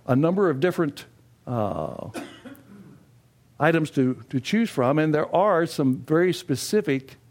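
Older man, folksy classroom instructor, mid-pitched voice, asks the room questions. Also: darkish tone. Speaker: financial education instructor. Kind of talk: classroom lecture.

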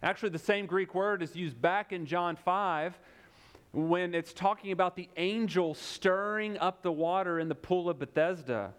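A young adult man preaching a sermon as pastor, emphatic, with repeated phrases and dramatic pauses. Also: sits high, smooth.

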